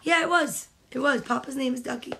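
A woman's voice: high-pitched, fairly quick, vocal fry, bright, forceful tone. A woman at home reading picture books aloud to children, playful and chatty, speaking straight to the kids. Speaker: storytime host.

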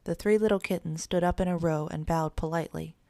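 A woman narrating a children's audiobook in a measured storytelling way. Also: fairly low pitch, steady tone, gravelly, dark tone, no echo.

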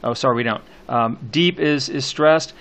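A man teaching a class on a poem, talking slowly and haltingly with many fillers, stopping to read lines aloud. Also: medium pitch, a bit bright. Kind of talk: classroom poetry lecture.

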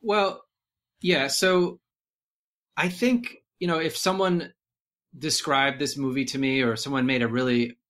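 A man talking casually on a podcast, rambling and animated, full of fillers and restarts. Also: mid-range voice, unhurried, pauses often. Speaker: podcast guest. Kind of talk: casual movie discussion.

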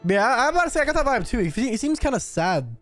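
A man hosting an anime reaction, talking casually and excitably, swearing and yelling at the screen. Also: very high-pitched, quick pace, soft background music. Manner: excitable, profane, yells at the screen.

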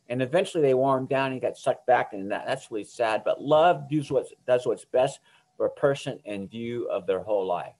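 A middle-aged man talks teenagers through a Bible lesson in an earnest, informal way, stumbling and restarting as he goes. His voice sits at an ordinary middle pitch, and he keeps checking in with the listeners. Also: moderate pace, a little mellow. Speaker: youth ministry teacher. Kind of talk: recorded Bible lesson for teens.

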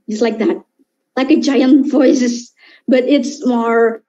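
A shy, soft-spoken woman who dubs cartoons, talking haltingly and searching for words. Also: on the high side, muffled recording, soft background music. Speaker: voice dubber showing her characters.

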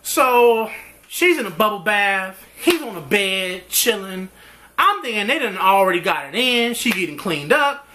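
A man's voice: high voice, measured pace, a little hiss or hum. A man reviewing a TV drama episode in a casual recap, acting out characters' lines as he goes. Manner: animated, acts out characters' lines mid-recap. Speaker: TV show reviewer.

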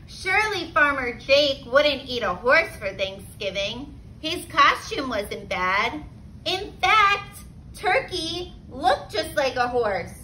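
Woman teacher, high bright voice, unhurried children's read-aloud. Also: a little hiss or hum, rough recording. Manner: expressive, slow, with gasps and laughs for children.

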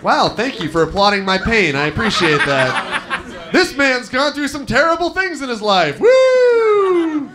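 Guy in his 20s doing open mic stand-up, loud and foul-mouthed, voice jumps all over. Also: high voice, normal speed, heavy background noise. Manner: brash, profane, animated storytelling. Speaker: stand-up comic, first-year teacher. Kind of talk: stand-up comedy set.

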